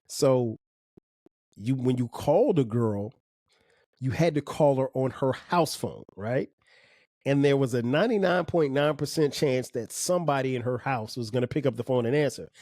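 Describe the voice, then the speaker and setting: A man in his forties hosting a podcast, telling stories in a relaxed, conversational way with slang and chuckles. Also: medium pitch, no echo, clean studio sound. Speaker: podcast host. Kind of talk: casual storytelling monologue.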